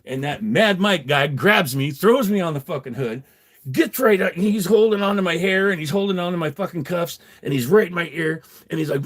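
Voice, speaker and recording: A man's voice: sits high, animated, fairly quick, fairly bright tone. A middle-aged man telling a story on a livestream, rambling and profane, chuckling as he goes. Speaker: livestream host. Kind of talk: casual storytelling.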